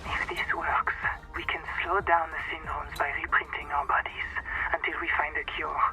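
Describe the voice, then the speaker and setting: An actor playing a stern expedition leader who speaks in a clipped, hushed, guarded way in a game cutscene. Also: male voice, on the high side, flat delivery, normal speed, loud music behind the voice, lightly acted. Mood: soothing. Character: stern man leading a troubled expedition.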